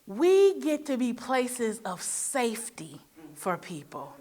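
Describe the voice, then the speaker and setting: Woman from Michigan, forum moderator: preacher-like motivational delivery, playful storytelling, slightly high pitch. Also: takes it slowly. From Michigan, USA. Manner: preacher-like, rhetorical questions to the audience; lively storytelling with playful asides. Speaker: panel moderator.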